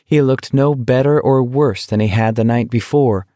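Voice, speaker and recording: A man narrating an audiobook with a steady, measured reading. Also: mid-range voice, no echo, clean studio sound. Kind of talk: scripted narration.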